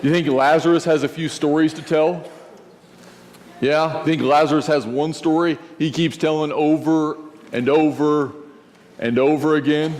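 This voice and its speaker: A male pastor preaching a sermon, telling a story and acting out its scenes. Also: moderate pace. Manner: storytelling, acts out scenes, lively shifts in pitch. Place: church sanctuary. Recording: long church reverb, faint noise.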